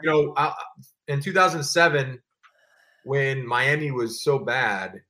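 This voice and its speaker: A man's voice: medium pitch, unhurried. A man in his thirties, a former pro football player, telling casual stories as a guest, full of fillers and acted-out quotes. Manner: animated, filler-heavy, acts out quotes. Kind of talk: casual storytelling.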